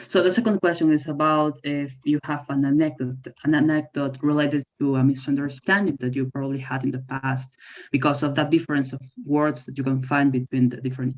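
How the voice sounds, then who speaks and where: Brief: woman moderator, orderly, mid pitch, muffled lo-fi call audio. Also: darkish tone. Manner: orderly, announces the next question. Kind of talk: event moderation.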